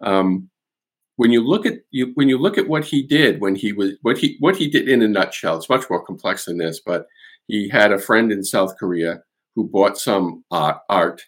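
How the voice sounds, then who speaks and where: Low husky guy, guest author telling a story, lots of restarts. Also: normal speed. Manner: explanatory, animated storytelling with restarts. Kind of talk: podcast interview.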